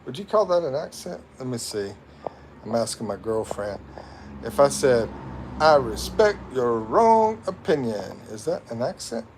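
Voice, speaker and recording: Background noise sits under a mid-range male voice with lively intonation at normal speed. He's an American-accented host doing a casual livestream from his home in the Philippines, reading comments, rambling and frequently laughing at his own expense.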